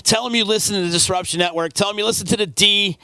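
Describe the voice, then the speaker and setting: A man's voice: high voice, fast, sharp tone, clear, resonant tone, dry recording. A man from upstate New York hosting a local radio show, chatty and playful as he reads sponsor spots and talks with guests in a studio. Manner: upbeat, chatty, playful hype. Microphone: studio microphone.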